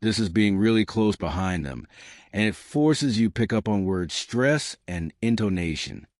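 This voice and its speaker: A man's voice: lowish voice, animated, measured pace, darkish tone, no echo, studio quality. A man teaching learners, encouraging and often checking in with "right?". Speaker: English teacher.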